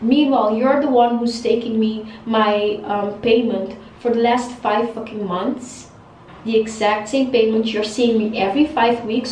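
A woman's voice: a little high, a little mellow, distant mic, slight background noise. A young woman venting to camera as a hair vlogger, frustrated and repetitive, swearing freely. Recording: roomy echo, voice a bit off-mic.

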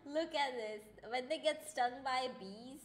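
Young woman streamer, high and lively, unhurried, noisy background; chatty live play. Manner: excitable, chatty, reads game lines aloud. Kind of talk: live game commentary.

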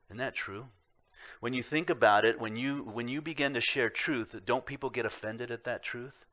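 Man, pastor, sermon, bright tense voice, earnest, rhetorical questions, loud-to-soft swings. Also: normal speed. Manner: shifts between loud emphasis and low quiet asides. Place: church sanctuary.

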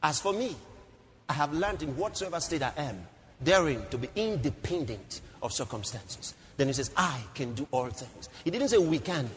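A man preaching a sermon as pastor, swinging from low murmurs to shouts and repeating phrases for emphasis. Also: expressive, moderate pace. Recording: long hall reverb, faint noise.

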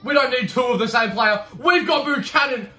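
A young man commentating over his own gameplay. He jokes and swears, then his voice shoots up into excited shouting whenever his side attacks. The room rings with a noticeable echo, and soft music plays beneath him. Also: normal speed. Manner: cheeky, swears, bursts into high shouting over goals. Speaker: gaming YouTuber. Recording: roomy echo with faint music.

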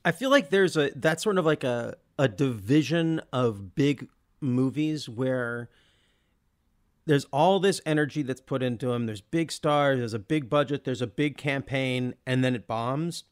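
A man's voice: mid-range voice, unhurried. A man co-hosting a podcast, talking casually about a film with enthusiasm and frequent laughter. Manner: enthusiastic, laughs often, animated mimicry. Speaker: podcast co-host.

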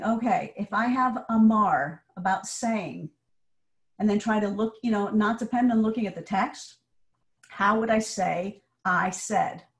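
Woman, Hebrew teacher in a video lecture, unhurried and clear. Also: medium pitch. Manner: patient, explains step by step. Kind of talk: online class lecture.

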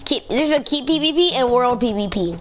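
A woman's voice: fairly high pitch, animated, a little fast, a little hiss or hum. A woman hosting a game server, chatting casually over voice chat and sternly ordering other players around.

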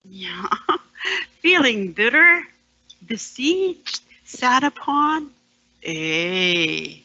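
A woman performing a poem as a storyteller, sardonic and dropping into hushed whispered asides. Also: a little high, sing-song, extremely slow, no room sound, dull audio. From Canada, Ontario. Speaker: storyteller and poet. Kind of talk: dramatic poetry performance.

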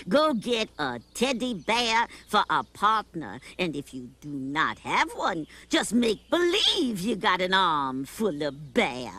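A woman's voice: mid-range voice, very animated, slow pace, fairly bright tone, slightly rough, soft background music. A woman who hosts a children's television show, telling a story to young viewers and teaching them a dance in a playful, sing-song way.

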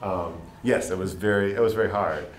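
Young guy, legislator on a panel, kinda low voice, lots of ums, echoey room w/ light hiss. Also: a little fast. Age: late 20s. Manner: earnest, rambling with many fillers. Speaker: state legislator. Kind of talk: panel discussion answer. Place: public panel event room. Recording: echoey room, faint background noise.

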